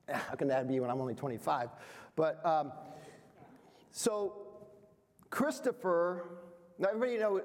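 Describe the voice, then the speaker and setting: A man's voice: on the high side, a little mellow. A man in his fifties giving a motivational seminar talk to business owners, playful and self-deprecating, quizzing the audience. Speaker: speaker at a business workshop. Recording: reverberant hall sound.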